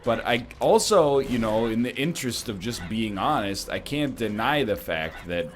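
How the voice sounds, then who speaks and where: A man's voice: on the low side, expressive, normal speed. A young adult man talking through a game in rambling, self-deprecating casual commentary, jumping to sudden exclamations. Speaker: gaming commentator. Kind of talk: casual let's-play commentary. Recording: faint music behind.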